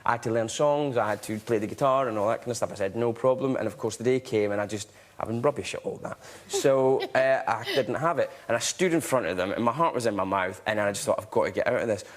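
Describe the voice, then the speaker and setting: A man telling a lively story as a guest on a talk show, laughing as he goes. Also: medium pitch, fast talker, hardly any pauses. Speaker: guest actor. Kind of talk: casual chat show anecdote. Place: television studio.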